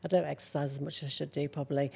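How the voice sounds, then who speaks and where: A woman's voice: deep voice, rapid-fire, gravelly, husky. A middle-aged woman, a model, speaking candidly as a guest in a conversational interview. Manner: candid, animated storyteller.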